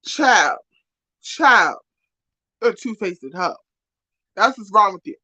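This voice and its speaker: A woman speaking, ranting profanely and trading insults on a live stream, loud one moment and muttering the next. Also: medium pitch, normal speed, no echo, rough recording. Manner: profane, insulting, repetitive, swings from shouting to muttering. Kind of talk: angry rant to a live stream.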